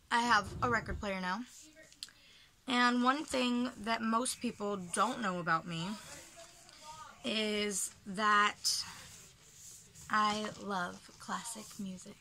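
A young woman chatting casually in a home haul vlog, full of ums and soft asides, sometimes dropping almost to a whisper. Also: mid-range voice. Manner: chatty, filler-heavy, drops to soft near-whisper when touched. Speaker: vlogger. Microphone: camera mic, handheld.

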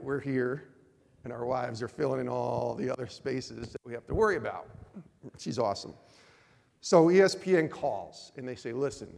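Animated storytelling man, gravelly, in a hall. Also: medium pitch. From Northeast US. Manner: animated storytelling, acts out both sides of conversations. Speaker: speaker at a men's ministry event. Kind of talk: personal testimony talk.

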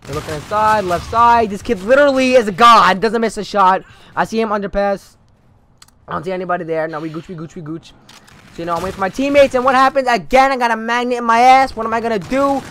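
A young man with a high voice talks over his gameplay footage, sarcastic and loose-mouthed. He swears a lot and keeps jumping into loud, animated outbursts, with a faint hum of room noise behind him. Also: quick pace. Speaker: gaming commentator. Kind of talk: casual gameplay commentary.

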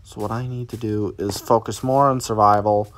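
A man's voice: on the low side, fairly even intonation, normal speed. A man giving live commentary as he plays a survival game, chatting to viewers and reacting aloud as things happen. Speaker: let's play gamer.

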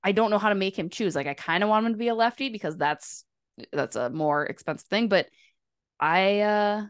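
A woman's voice: medium pitch, brisk, no echo. Chatty woman, dry close sound. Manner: chatty, lots of fillers. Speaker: podcast co-host. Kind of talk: casual hockey podcast chat.

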